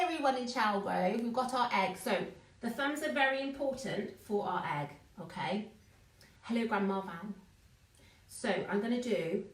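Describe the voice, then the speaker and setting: Chatty woman teaching a bake-along. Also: fairly high pitch. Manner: chatty, greets viewers by name. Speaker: baking teacher. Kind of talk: live online bake-along class. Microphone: phone. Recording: echoey room, distant mic.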